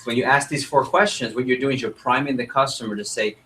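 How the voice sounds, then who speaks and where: A young man running a sales training workshop, coaching a group and acting out customer dialogue in an energetic way. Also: medium pitch, quick pace, a little hiss or hum, poor audio. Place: meeting room with group.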